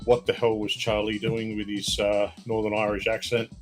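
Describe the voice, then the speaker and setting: A man's voice: on the low side, completely flat delivery, normal speed, soft background music. A man reviewing a film as a podcast guest, blunt and dismissive, with some swearing. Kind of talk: casual chat.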